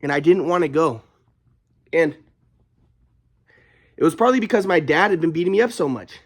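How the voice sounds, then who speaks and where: A man's voice: a little high, animated, moderate pace. A young adult man vlogging, telling a personal story in a rambling, aggrieved way with frequent restarts.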